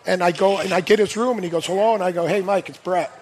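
Wry middle-aged man with a high voice. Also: fast. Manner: wry, laughs through stories, quotes others. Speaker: guest, former hockey player. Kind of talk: casual storytelling chat.

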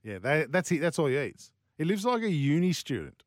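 Male sports radio host, lively pitch, dry studio sound, chatty banter. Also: fairly quick, dry recording. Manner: chatty, laughs easily, hesitant fillers.

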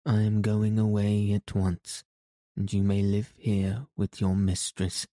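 A man's voice: lowish voice, completely flat delivery, slow, dark tone, no echo, clean studio sound. A man reading the lines of a betrayed wife, cold and accusing, in an audiobook. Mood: bitter. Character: bitter betrayed wife, grown woman.

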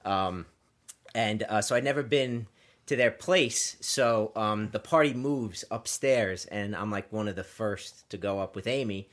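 A man co-hosting a podcast, telling an animated story in casual chat and mimicking other people's voices. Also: lowish voice, a little slow. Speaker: podcast co-host.

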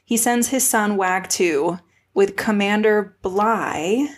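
Playful woman co-hosting a podcast. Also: mid-range voice. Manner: playful and jokey, quick quips. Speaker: podcast co-host. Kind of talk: casual recap chat.

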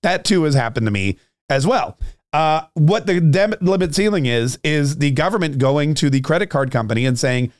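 A man hosts a solo podcast, giving a ranting political commentary monologue. His voice sits a little high, and his delivery is sarcastic, often doubling words as he pushes ahead. The recording is close and dry. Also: lively intonation, moderate pace, no echo.

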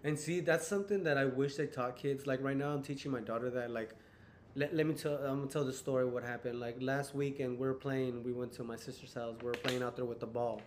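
A man's voice: mid-range voice, steady tone, fast talker, a little hiss or hum. A young man hosting a casual podcast chat, telling personal stories in a rambling way with many fillers. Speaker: podcast host.

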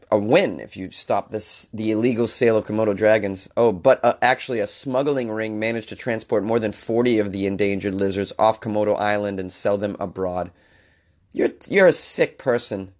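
A man's voice: fairly low pitch, normal speed, darkish tone. Ranting comedian man hosting a news podcast. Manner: exasperated, ranting. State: under the weather. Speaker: podcast host.

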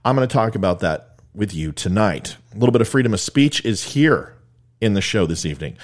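A man's voice: lowish voice, expressive, fairly quick. A man hosting a political commentary talk show, blunt, opinionated and informal. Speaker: podcast host.

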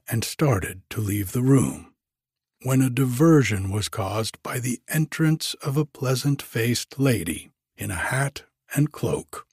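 A man narrating an audiobook in a measured, even way. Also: medium pitch, breathy edge, no room sound, studio quality.

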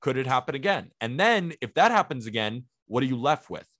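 A man co-hosting a sports podcast, speaking in a measured, analytical way and rattling off numbers. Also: medium pitch, sing-song, fairly bright tone, dry recording, clean studio sound. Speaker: podcast co-host. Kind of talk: casual sports podcast chat.

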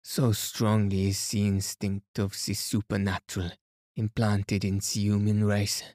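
A man reading aloud as a fastidious elderly detective, speaking gently and gravely. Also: lowish voice, no room sound, studio quality, natural voice. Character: fastidious elderly male detective, calm and placid.

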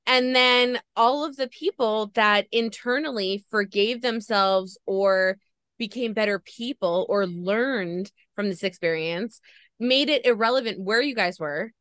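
A woman's voice: medium pitch, measured pace, fairly bright tone, no room sound. A woman podcast host gushing as she retells a story in a casual interview chat.

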